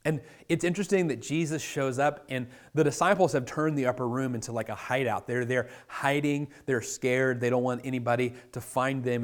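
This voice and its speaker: A man preaching a sermon to his church in a casual, conversational style, dropping to a hush for quoted words. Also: mid-range voice. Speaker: pastor.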